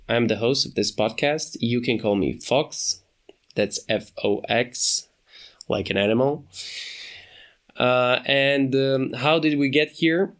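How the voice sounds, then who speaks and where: A man hosting his own podcast, talking off the cuff in a hesitant way, with many pauses and restarts. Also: mid-range voice, a bit bright, smooth. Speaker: podcast host. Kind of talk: unscripted solo podcast talk.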